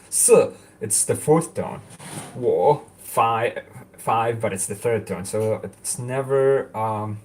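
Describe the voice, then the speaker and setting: A man's voice: fairly low pitch, a little hiss or hum. A young man whose first language is Arabic, chatting casually in a vlog, rambling with many fillers and restarts and laughing often. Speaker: language-learning vlogger.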